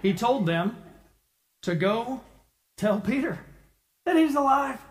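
Lively storytelling man preaching. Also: very high voice, slow. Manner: lively storytelling, acting out the people in it. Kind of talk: sermon.

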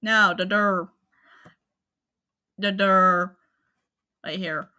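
A woman hosting her own channel, talking casually to viewers in a halting, apologetic way, with many fillers and restarts. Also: medium pitch, fairly even intonation, pushed and bright. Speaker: anime channel host. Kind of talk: casual spoken rundown to viewers.

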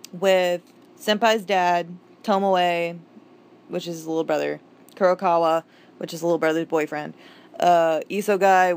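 A woman casually reviewing manga, rambling with restarts, swearing freely, gushing and exasperated by turns. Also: on the low side.

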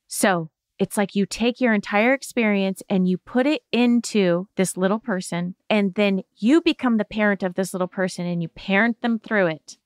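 A woman hosting a self-help show, explaining a healing exercise in a gentle, reassuring coaching tone. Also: mid-range voice, moderate pace, hardly any pauses, no echo, clean studio sound. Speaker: podcast host giving therapy advice.

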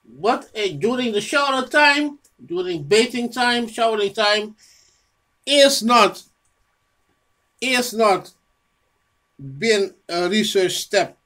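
An animated, slightly bright mid-range voice goes at a slow pace and pauses often. It belongs to a home video presenter rambling unscripted about their own research, often restarting phrases, repeating words, and scolding an imagined listener.

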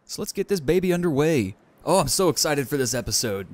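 A young man commentating his own gameplay with boundless enthusiasm. His pitch sits a little high and swings widely, leaping up in bursts of excitement. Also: a little fast. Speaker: let's play host.

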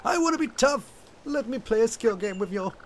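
A man's voice: extremely high pitch, animated, a little fast, slight background noise, voice pushed up. A man voicing a small, eager male fire monkey from a game, brash and challenging.

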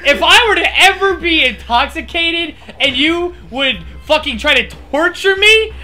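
A young co-host in casual gameplay chat, ranting with loud, profane mock outrage. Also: extremely high pitch, animated, a little slow. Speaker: let's play co-host.

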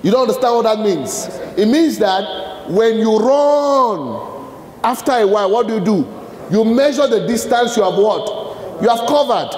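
With slight background noise, a Nigerian motivational speaker talks in a high, expressive, darkish voice at a measured pace. He's leading a live leadership talk in a large hall, quizzing listeners with fill-in-the-blank questions as long reverb echoes around him.

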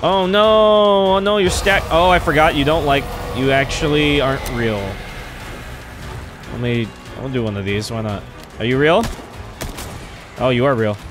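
A man doing excitable gameplay commentary, trash-talking and swearing at enemies. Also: medium pitch, unhurried, long pauses. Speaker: let's play streamer. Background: game music.

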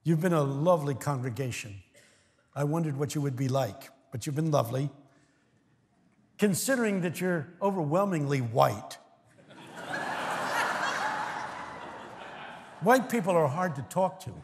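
An older American man preaching a sermon, telling stories with sudden swings from hushed words to shouts and acting out voices of his congregation. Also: on the high side, very animated, slow pace, long pauses. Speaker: guest preacher. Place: large church. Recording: long reverb of a large church hall.

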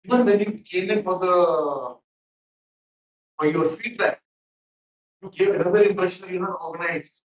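A man's voice: high-pitched, normal speed, pauses often, recorded from a distance, muffled recording. A man giving stern feedback in a mock interview, with many fillers. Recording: echoey room, off mic.

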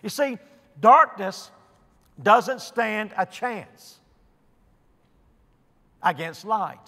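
A man with a high voice preaches in a deliberate, unhurried cadence, stressing single words and letting pauses hang. His voice rings out in a church sanctuary with a long reverb tail. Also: animated, creaky, pushed and bright. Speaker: pastor. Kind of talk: sermon.

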